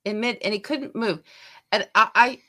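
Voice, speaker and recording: A woman's voice: fairly high pitch, moderate pace, bright, forceful tone. A woman co-hosting a podcast in casual political chat, chatty, often trailing off and restarting her sentences. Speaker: podcast co-host.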